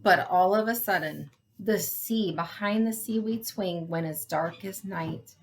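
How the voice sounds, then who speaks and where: A woman reading a picture book aloud to young listeners, expressive and adding friendly asides. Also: on the low side, unhurried, a little hiss or hum. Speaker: storybook reader.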